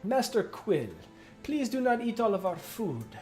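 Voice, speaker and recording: A game master doing a loud boastful ship captain. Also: mid-range voice, big pitch swings, a little slow, soft background music, voice pushed up. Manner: grandiose, self-praising.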